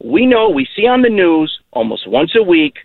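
A man's voice: sits high, very animated, moderate pace, creaky, no echo. A man calling into a radio show, insistent and repeating himself to hold his point. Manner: insistent, repeats "okay" and "listen". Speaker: caller. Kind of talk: radio call-in debate. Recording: tinny phone line.

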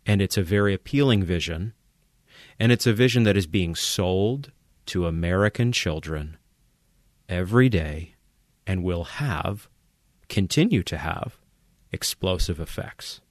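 Low-voiced man giving impassioned commentary. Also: lively intonation, measured pace, long pauses, no echo, studio quality. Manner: rhetorical questions, emphatic repetition. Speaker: podcast host.

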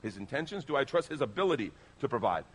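A man's voice: fast, a little hiss or hum. A man pastor delivering a sermon, speaking emphatically and persuasively to his congregation. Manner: animated, emphatic preaching with sweeping pitch.

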